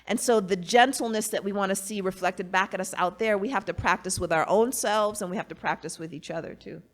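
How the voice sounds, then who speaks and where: A woman's voice: medium pitch, fairly quick. A woman guest speaking earnestly and reflectively in a conversation, often adding "you know" and "right". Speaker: guest, academic and author. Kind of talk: casual conversation.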